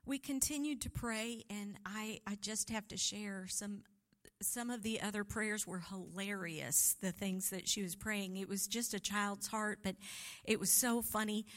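A woman's voice: mid-range voice, a little slow, a bit bright. A middle-aged woman preaching a sermon, telling a family story with heartfelt feeling. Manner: heartfelt storytelling, emotional and tearful at times. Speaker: pastor's wife preaching.

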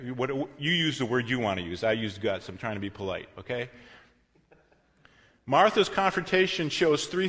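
Pastor, male, mid-pitched, conversational sermon delivery full of asides, loud then hushed, long hall reverb. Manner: conversational preaching with asides and self-corrections; swings between loud emphasis and quiet, soft passages.

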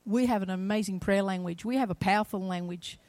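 A woman preaching a sermon, retelling a story with shifts from quiet to loud, emphatic passages. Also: mid-range voice, brisk, no echo.

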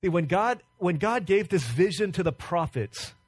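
Male pastor, impassioned sermon, rhetorical questions, fairly high voice, dry close sound. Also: animated, moderate pace, husky, no room sound.

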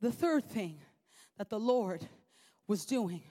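A woman's voice: mid-range voice, animated, unhurried, dark tone. A woman preacher delivering a sermon in an emphatic, repetitive preaching cadence.

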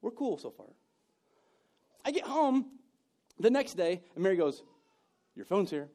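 A man preaching a sermon, telling personal stories and moving between loud bursts and hushed moments. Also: sits high, sing-song, measured pace. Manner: storytelling, swings from loud to hushed. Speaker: pastor.

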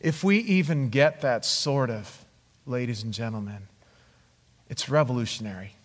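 A man preaching a sermon, telling his own story in an animated way and acting out the voices of the people in it. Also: medium pitch, moderate pace. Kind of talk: sermon with personal testimony. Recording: long hall reverb.

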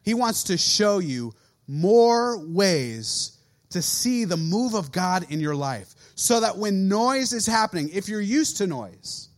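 Animated high-voiced preaching man. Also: slow pace. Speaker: youth pastor. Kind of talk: sermon.

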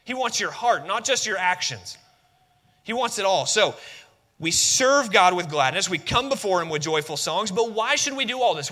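A man's voice: sits high, sharp tone, big-room sound. A man preaching a sermon in a conversational, emphatic way, asking rhetorical questions and adding humor.

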